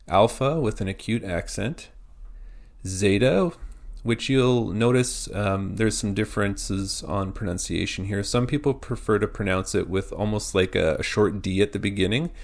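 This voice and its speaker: A man teaching a pronunciation lesson, spelling out words letter by letter in a slow, methodical way. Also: on the low side, vocal fry.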